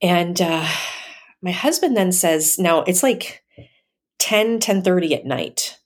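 A woman telling a personal story in a casual, hesitant way, with many fillers and soft laughs. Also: lowish voice, takes it slowly.

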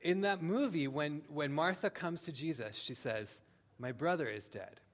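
A man preaching a sermon, speaking earnestly with slow, emphatic pauses and frequent "um"s. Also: on the high side, animated. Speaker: pastor.

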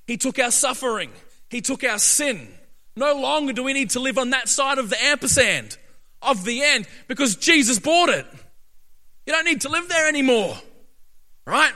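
Male preacher, high and sharp, emphatic, builds to shouts, recorded with long hall reverb. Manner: emphatic, repeats rhetorical "right?", builds to shouting. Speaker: pastor. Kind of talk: sermon.

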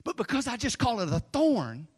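A middle-aged pastor, preaching in a rambling, animated storytelling manner that drops low for asides. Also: male voice, moderate pace, husky. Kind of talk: sermon. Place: church sanctuary. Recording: long reverb of a large hall.

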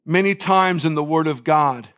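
A man's voice: fairly high pitch, normal speed, a bit bright. A man pastor preaching a communion sermon, leading the congregation in repeated phrases and fervent prayer. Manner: preaching with call-and-response and repetition, fervent prayer.

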